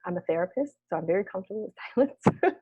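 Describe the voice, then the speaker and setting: A woman therapist leading a wellness workshop discussion, speaking gently and reflectively and often checking in with "right?". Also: medium pitch, animated, rapid-fire, husky, no room sound. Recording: dull lo-fi video call audio.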